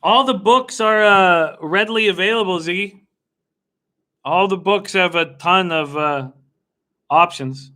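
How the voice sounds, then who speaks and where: A man's voice: high voice, a little slow, pushed and bright. A young man hosting a live stream, chatting casually with viewers by name and laughing often as he bets on races. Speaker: livestream host betting on horse races.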